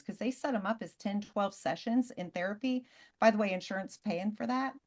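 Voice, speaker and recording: A woman recounts stories on a video call in a casual, animated way, her voice sitting at an ordinary middle pitch. She talks in quick bursts and leans on each punchline. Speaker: presenter.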